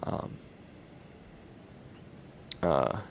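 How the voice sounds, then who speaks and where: A man narrating a tabletop game as game master, halting, with many pauses and restarts. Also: slight background noise.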